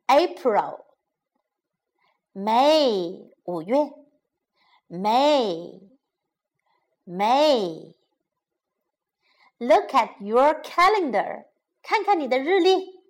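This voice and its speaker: A woman teaching English vocabulary to children, slowly repeating words and phrases. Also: a little high, big pitch swings, a little mellow. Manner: slow repetitive drilling. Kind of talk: bilingual vocabulary lesson.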